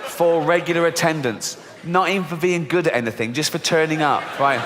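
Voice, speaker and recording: A man's voice: brisk, hardly any pauses, crowd noise, noisy background. A middle-aged English man performing a stand-up comedy set, telling stories bluntly and swearing often. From England. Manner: animated storytelling with squeaky high voices for children. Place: large theatre stage before an audience. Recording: live theatre recording with long hall reverb.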